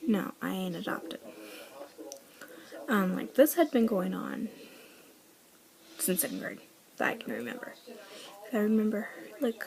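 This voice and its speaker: A woman's voice: medium pitch, sing-song, measured pace, vocal fry, long pauses, low-quality recording. An eighteen-year-old woman vlogging a personal story in a chatty, rambling way, filling her talk with "like" and whispering the lines she quotes. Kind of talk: casual storytelling.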